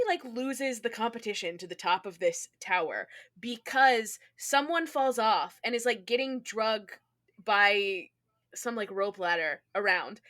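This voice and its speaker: Bright, animated woman podcast host. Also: a little high. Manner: animated, laughs often. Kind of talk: casual podcast chat.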